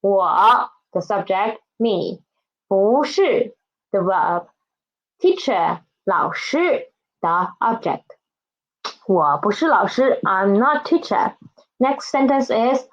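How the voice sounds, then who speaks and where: A woman teaching a beginner language lesson, speaking patiently and repeating each word so that learners can follow. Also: mid-range voice. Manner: patient, repeats words and asks "right?". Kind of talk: slow, careful classroom instruction. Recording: dull, lo-fi recording.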